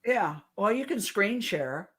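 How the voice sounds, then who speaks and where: A woman co-hosting a paranormal talk stream, telling stories excitedly with frequent laughter and casual swearing. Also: medium pitch, slow, breathy edge. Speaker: paranormal investigation podcast co-host. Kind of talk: casual chat.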